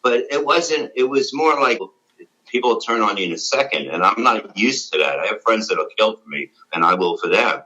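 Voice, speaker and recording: Middle-aged male guest, low voice with a forceful, bright edge; blunt, profane, rambling storyteller. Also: animated, normal speed, rough recording. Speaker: interview guest, former radio show staff. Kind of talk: casual interview.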